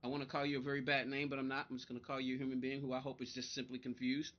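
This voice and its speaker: A man's voice: mid-range voice, monotone, very fast, muffled recording. A man live-streaming a racing game, chatting bluntly and with exasperation as he answers viewers' comments. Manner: blunt, exasperated, talks back to chat.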